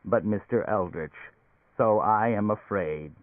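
A tinny, obliging machine therapist that lives in a suitcase, as a man puts it on. It explains things politely in a lowish voice. The recording is dry and squeezed thin like a phone. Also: unhurried, no echo, natural voice. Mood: feeble. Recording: dry, phone-like narrow sound.

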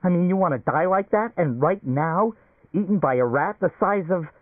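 A man's voice: mid-range voice, expressive, normal speed, dry recording, natural voice. A man doing an irritable stranded businessman. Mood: panicked. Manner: gruff, irritable, urgent. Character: impatient, anxious stranded businessman. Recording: tinny phone-like recording.

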